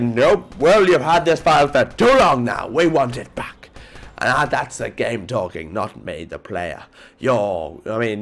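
A man with a stuffy nose from a cold, giving excitable live commentary over his gameplay, muttering one moment and yelping the next. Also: medium pitch. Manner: excitable, jumps between mutters and yelps. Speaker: gaming video creator.

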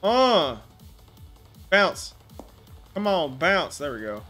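Brief: male speedrunner, somewhat high voice, cursing at his game over soft music. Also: big pitch swings, drawn-out words. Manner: swearing, frustrated outbursts at the game. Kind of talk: profane live gameplay commentary.

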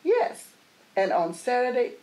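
A sulky young girl from a storybook, voiced by a woman speaks in a high, childish, singsong voice. Her words come slowly and draw out, as if each one is being sulked over. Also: lively intonation, darkish tone, a little hiss or hum, exaggerated voice, rough recording. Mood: excited. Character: young girl who hates her hair.

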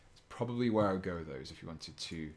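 Low-voiced man chatting while painting. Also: lively intonation, fast talker, darkish tone. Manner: rambling, playful, self-mocking, thinks aloud. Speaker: live-stream host painting miniatures. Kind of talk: casual live-stream chat.

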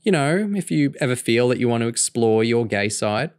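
A man's voice: medium pitch, animated, normal speed, clear, resonant tone, dry recording, studio quality, close to an everyday voice. A man voicing a sporty, teasing teenage girl while reading a novel aloud. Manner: teasing, a touch sharp.

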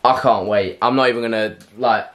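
A young man chatting excitedly in a casual fitness vlog from home. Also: medium pitch, fairly quick. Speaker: fitness vlogger. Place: at home indoors.

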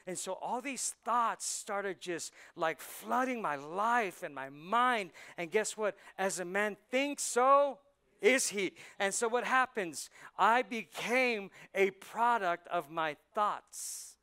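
A man preaching a conversational sermon as pastor, swinging from soft asides to loud punchlines. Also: high-pitched, lively intonation, slow pace, clear, resonant tone. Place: church sanctuary.

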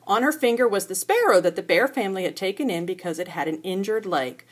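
A woman's voice: mid-range voice, lively intonation, quick pace, few pauses, slightly rough. An older woman, a grandmother, reading a storybook aloud at home to a child, with playful asides to the listener.

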